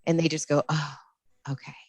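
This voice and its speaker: A middle-aged woman, a postpartum doula, talking in a casual podcast interview, passionate and animated, laughing often. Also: low voice, fairly quick, no echo. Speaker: postpartum doula and lactation counselor.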